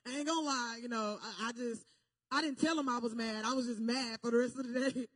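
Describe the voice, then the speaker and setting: A young woman telling a personal testimony as a sermon, talking straight to her listeners and building to loud, fervent preaching. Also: a little high, brisk, dry recording, clean studio sound. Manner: animated, repeats "okay?" and "y'all" to the listeners.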